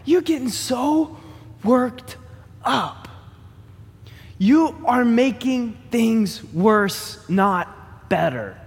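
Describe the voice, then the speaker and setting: A male pastor with a rather high, husky voice preaches in an animated, joking way. He talks to the congregation like a friend. His voice carries the long ringing reverb of a big church hall. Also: very slow, long pauses. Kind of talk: sermon.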